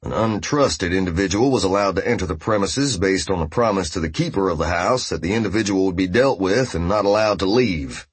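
A man voicing a curt, gruff male handler who talks in terse, coded phrases. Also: deep voice, a little fast, hardly any pauses, dry recording.

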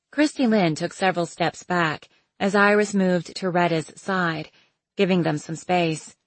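A woman narrates a novel in a measured, steady storytelling voice. Her voice sits somewhat low, and the recording is dry and close with no room sound. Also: dry recording, rough recording. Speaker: audiobook narrator. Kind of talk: scripted narration.

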